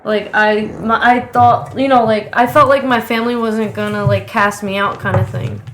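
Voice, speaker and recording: A woman's voice: medium pitch, fairly even intonation, normal speed, background noise. A woman co-hosting a podcast, chatting casually in a frank, easygoing way. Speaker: podcast co-host. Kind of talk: casual chat. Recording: roomy echo.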